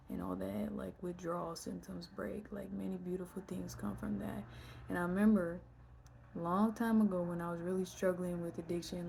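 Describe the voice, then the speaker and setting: A young woman speaks in a low, even voice for her personal vlog, reflective and rambling with plenty of fillers. Her tone is dark and mellow, and at times it drops into a near-whisper. A faint background hiss sits under the recording. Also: gravelly. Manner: reflective, heavy use of fillers, drifts into whispers. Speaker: vlogger.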